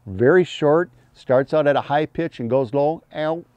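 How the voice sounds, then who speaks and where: A man teaching hunting calls in a plain-spoken, folksy way, breaking into high imitated fawn cries as he explains. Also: measured pace, a little mellow, smooth, no room sound, dull audio. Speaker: hunting call instructor. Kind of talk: instructional talk.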